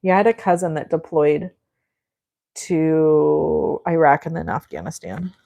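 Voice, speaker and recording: A woman's voice: low voice, lively intonation, a little slow, vocal fry, warm tone. A middle-aged woman hosting a live crafting stream, chatting with viewers in a gushing, effusive way as she works. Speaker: crafting livestream host.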